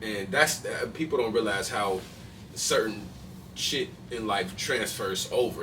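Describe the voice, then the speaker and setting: A man's voice: on the low side, a little slow, sharp tone. A man hosting a podcast, talking loosely in slangy casual chat with lots of restarts. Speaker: podcast host. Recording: distant mic with faint noise.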